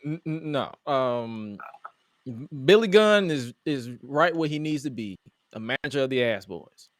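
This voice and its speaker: Animated man hosting a wrestling chat. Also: medium pitch, unhurried, dry recording, studio quality. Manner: animated, acts out quotes with exasperation. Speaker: podcast host. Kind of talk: casual wrestling review chat.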